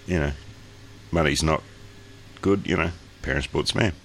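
Man, Australian accent, very deep, gravelly, casual podcast chat, joking and profane, remote call mic. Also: normal speed, slight background noise. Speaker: podcast co-host.

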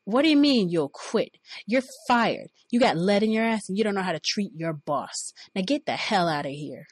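Woman reading as a crude shouting male boss. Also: mid-range voice, expressive, moderate pace, breathy edge. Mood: yelling. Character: bullying lecherous male cafeteria manager.

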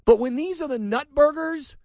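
A man's voice: very high-pitched, normal speed, darkish tone, no room sound. A middle-aged man hosting a talk radio show, delivering an emphatic, opinionated monologue with sarcastic asides.

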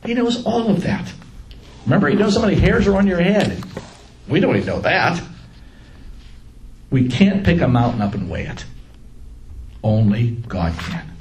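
A man running a casual Bible study jokes with his group, animated and laughing at his own lines. His voice is a little high and swings widely in pitch, at a moderate pace with frequent pauses. The room echoes, with a faint ambient hum behind him.

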